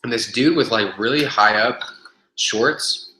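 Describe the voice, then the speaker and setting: A young man tells a rambling story on a casual webcast, cursing freely and stumbling over fillers and restarts. His lowish voice has a bright, forceful edge. The webcam sound carries a lot of echo from the room. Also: unhurried. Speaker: vlogger telling a gym story. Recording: echoey room webcam audio.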